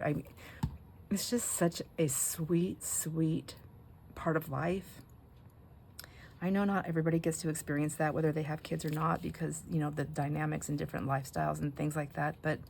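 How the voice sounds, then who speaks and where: Low, gravelly-voiced woman chatting while crafting. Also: slight background noise. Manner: rambling and chatty, with soft near-whispered asides. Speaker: craft vlogger and grandmother. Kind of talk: casual chat while crafting.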